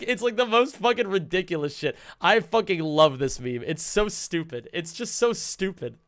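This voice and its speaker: A man streaming casually, chatting to his viewers in an excitable, rambling way and swearing a lot. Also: sits high, moderate pace, few pauses, dry recording, studio quality. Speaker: streamer and speedrunner. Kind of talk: casual live-stream chat.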